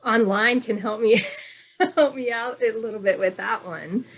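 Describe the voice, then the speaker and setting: A woman chatting casually as a guest from Reno, halting, with many fillers and restarts. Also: a little high. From moved to Nevada from elsewhere. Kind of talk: casual online chat.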